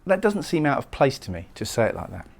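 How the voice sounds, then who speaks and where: A man lecturing on a poem, explaining it thoughtfully and sometimes pausing to restart a phrase. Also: mid-range voice, very animated, vocal fry, slightly rough. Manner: reads verse lines slowly and solemnly. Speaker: poetry lecturer. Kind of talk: recorded lecture analysing a poem.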